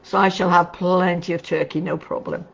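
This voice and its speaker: Calling her viewers "darling," a middle-aged tarot reader chats warmly through a casual livestream reading. She speaks at a normal speed in a lowish voice with vocal fry and little pitch movement, and the lo-fi audio is dull with faint background noise.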